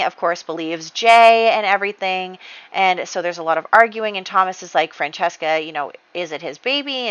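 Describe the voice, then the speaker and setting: A woman's voice: lowish voice, bright, forceful tone, no echo, highs cut off. Chatty woman narrating her game. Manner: chatty storytelling, acting out characters' dialogue. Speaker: let's-play host. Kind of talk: narrating a life-sim game playthrough.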